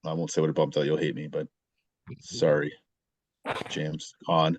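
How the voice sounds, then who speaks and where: A man's voice: rumbling low, level tone, moderate pace, no echo. A man giving emphatic, opinionated takes on movies in a casual podcast chat. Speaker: podcast guest critic.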